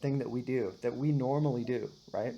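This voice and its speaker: A woman's voice: a bass voice, brisk, warm tone, muffled recording, slight background noise. A woman teaching a one-on-one guitar and singing lesson, patiently explaining and often checking in with "right?". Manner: patient, explains with many "right?" checks, sings short demonstrations.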